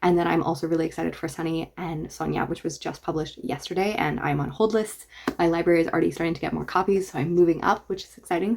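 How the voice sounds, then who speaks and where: A woman's voice: on the low side, a little mellow. A woman book reviewer talking casually and enthusiastically in a reaction vlog. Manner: enthusiastic, chatty.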